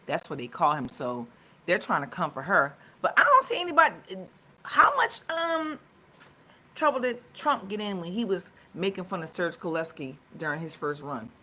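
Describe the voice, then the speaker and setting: A woman's voice: lowish voice, very animated, normal speed, fairly bright tone. A woman co-hosting a live talk show, chatting casually with lots of fillers and restarts. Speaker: co-host.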